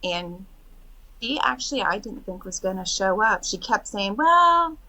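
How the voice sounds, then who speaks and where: A middle-aged woman, a podcast guest, chatting casually and telling animated stories about her retreats. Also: mid-range voice, normal speed, poor audio. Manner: animated storytelling, quotes others in lively voices. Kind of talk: casual interview chat.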